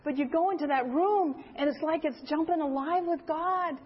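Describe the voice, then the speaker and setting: An older woman preaches in a high voice, telling her story with animated, acted-out quotes. The recording sounds a little dull and lo-fi. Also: moderate pace. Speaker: speaker. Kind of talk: sermon storytelling.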